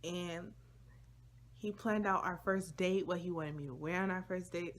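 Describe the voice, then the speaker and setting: A woman's voice: on the low side, steady tone, unhurried. A young woman vlogger telling a personal story to her viewers in a casual, slangy, chatty way.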